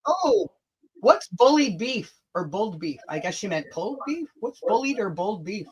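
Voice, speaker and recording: A woman's voice: medium pitch, big pitch swings, normal speed, darkish tone, breathy edge. Chatty, joking woman. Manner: chatty, swears freely, jokey. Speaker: livestream co-host. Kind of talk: casual livestream chat.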